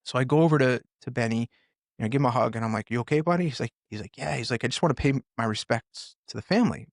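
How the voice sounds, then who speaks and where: A middle-aged man, a firefighter and author, telling his story in a conversation, in an earnest and halting way with many restarts. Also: mid-range voice, creaky, no room sound, studio quality. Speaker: podcast guest, firefighter and author.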